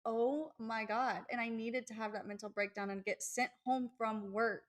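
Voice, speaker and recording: A young woman co-hosting a podcast, telling personal stories in a chatty, animated way. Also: on the high side, normal speed. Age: young adult. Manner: chatty, animated storytelling with acted-out quotes. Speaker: podcast co-host. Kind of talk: casual podcast chat.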